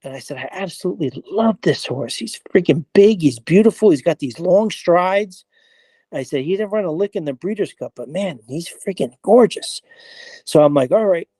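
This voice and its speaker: A man being interviewed, telling an animated, casual story full of acted-out dialogue and slang. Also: high voice, normal speed, breathy edge, no room sound. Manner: animated storyteller, acts out quoted dialogue, frequent "I was like". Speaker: interview guest, horse player.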